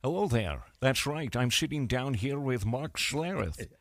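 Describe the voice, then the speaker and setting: A man doing a smooth older gentleman who brags crudely in a low, hushed tone. His voice is bright and tense, recorded dry and close. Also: expressive, measured pace, dry recording. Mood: smug. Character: suave older man with a Scottish brogue, crude boaster.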